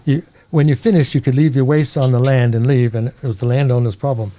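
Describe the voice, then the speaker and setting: An older man from New York with a New York accent, telling rambling, animated stories as an interview guest and laughing along. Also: mid-range voice, fast. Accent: American, New York. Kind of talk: casual storytelling.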